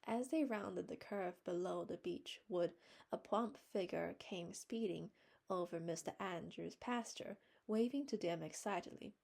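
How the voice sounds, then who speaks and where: A woman's voice: fairly low pitch, measured pace, vocal fry, a little mellow. A woman reading a classic novel aloud, narrating plainly and steadily. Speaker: reader. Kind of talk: storybook narration.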